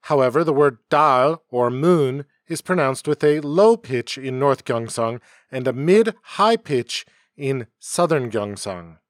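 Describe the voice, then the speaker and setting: A man hosting a homemade educational podcast, reading a scripted narration at a measured pace. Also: mid-range voice, animated, no echo, studio quality. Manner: measured, explanatory delivery. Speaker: podcast host. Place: home setup, dry sound.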